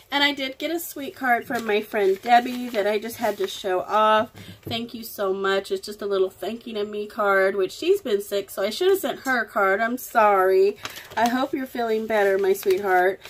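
A woman's voice: a little high, a little hiss or hum. A woman vlogger, gushing affectionately as she opens crafting mail at home. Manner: gushing, affectionate, slow and drawn-out. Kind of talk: casual unboxing chat.

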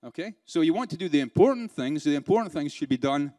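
Delivering a conference keynote, a British man keeps things chatty, firing rhetorical questions at the room and slipping into dry sarcasm. He talks fast in an expressive, dark voice that sits a little high for a man and sounds close and dry, without room sound.

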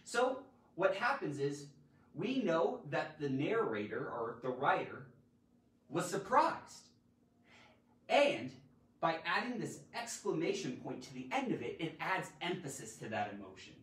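A man hosting a playful live-streamed grammar lesson, theatrical and full of sudden loud exclamations. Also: fairly high pitch, sing-song, measured pace. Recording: roomy echo, mic at a distance.

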